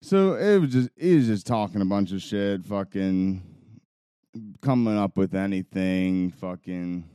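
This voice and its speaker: A man's voice: deep voice, a little slow, mellow, clear, resonant tone, dry recording, clean studio sound. A young man co-hosting a podcast, telling a rambling, profane story with bursts of laughter. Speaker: podcast co-host. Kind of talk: casual storytelling chat.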